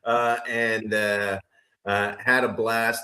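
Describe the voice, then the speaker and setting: A middle-aged man with a fairly low voice talks in a loose, casual way. He keeps trailing off into fillers and restarts his sentences as he recounts things to a friend. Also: a little slow, fairly bright tone. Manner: rambling, hesitant, many fillers and restarts. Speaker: podcast co-host. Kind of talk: casual chat.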